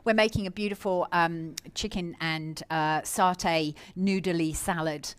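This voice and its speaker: A woman's voice: on the low side, steady tone, a little slow, clear, resonant tone, no room sound. A woman hosting a cooking show, chatting in a bubbly, gushing way with lots of fillers and repeated words. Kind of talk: casual cooking show chat.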